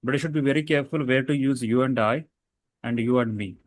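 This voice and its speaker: A man's voice: medium pitch, fast, no room sound. A man teaching a casual grammar lesson, explaining rules with fillers and self-corrections.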